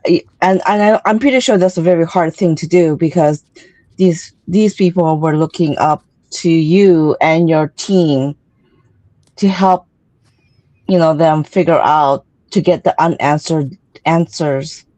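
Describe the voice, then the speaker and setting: A woman host asks her questions in a hesitant, searching manner. Her voice is fairly low, and the recording is dry and close with no room sound. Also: unhurried, dark tone, no room sound. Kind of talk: casual interview talk.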